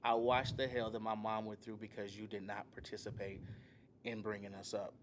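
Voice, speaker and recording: A man's voice: lowish voice, moderate pace, noisy background. A man in his thirties co-hosting a casual couch podcast, telling stories animatedly and acting out what his family says. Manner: animated storytelling, acting out quoted family members. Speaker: podcast co-host. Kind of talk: casual chat. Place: living room couch set.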